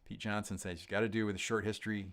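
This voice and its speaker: A middle-aged man hosting a livestream, reading out viewer comments and answering them in a relaxed, rambling way with many pauses and restarts. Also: lowish voice. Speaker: host of a gear livestream.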